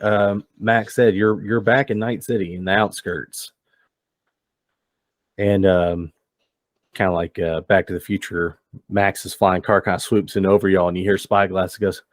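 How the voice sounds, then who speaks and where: Low-voiced man narrating a tabletop game. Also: dry recording. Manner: relaxed, descriptive, loose with fillers. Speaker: game master.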